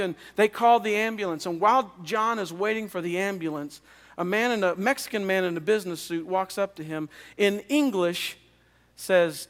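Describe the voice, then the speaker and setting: A man, a pastor, preaching a revival sermon as an earnest personal testimony, often halting and repeating words. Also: sits high, a bit bright. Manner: earnest storytelling with halting restarts. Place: chapel. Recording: long reverb of a chapel.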